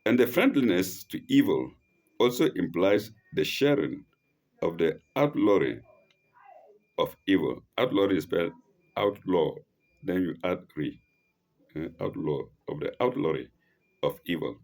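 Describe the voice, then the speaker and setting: A man reading and explaining scripture slowly, often repeating words and correcting himself as he reads. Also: deep voice, sing-song, vocal fry, a little mellow. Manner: reads Arabic phrases aloud slowly. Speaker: religious teacher. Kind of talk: slow scripture study commentary.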